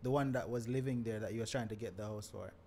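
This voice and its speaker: A man's voice: lowish voice, fast talker, a little mellow, slight background noise. A man, hosting a live show in a jovial, encouraging way. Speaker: host. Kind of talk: casual live show talk.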